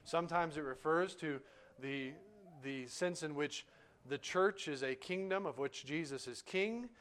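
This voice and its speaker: Male preacher, slightly high voice, measured and emphatic, teaching from scripture. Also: fairly bright tone. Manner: measured, emphatic, slows on key phrases. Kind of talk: expository sermon.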